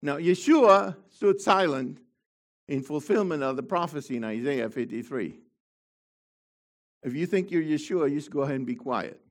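A middle-aged man preaching a sermon with fervor, dropping to quiet asides and rising to shouted proclamations. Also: on the high side, expressive, moderate pace.

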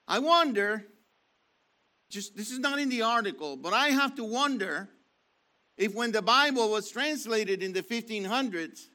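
A man's voice: sits high, expressive, measured pace, bright, forceful tone. A man preaching, reading from an article and repeating key phrases with emphasis, with many restarts. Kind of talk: sermon reading from an online article.

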